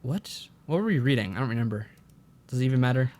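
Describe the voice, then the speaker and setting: A man's voice: mid-range voice, expressive, quick pace, a little mellow. A man streaming a visual novel, reading its text aloud and making dry, sarcastic remarks. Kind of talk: casual let's-play commentary, reading game text aloud.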